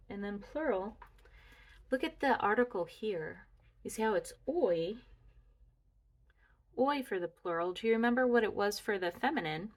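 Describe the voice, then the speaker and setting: A woman slowly talking through a grammar review lesson, musing aloud as she walks through her slides. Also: medium pitch. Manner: deliberate, talks through slides, muses aloud. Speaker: student reviewing Greek grammar.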